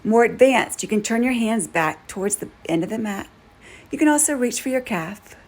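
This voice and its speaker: Calm woman guiding a yoga class. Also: on the high side, normal speed. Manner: calm, steady step-by-step instructions. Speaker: yoga instructor. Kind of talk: guided yoga class cues.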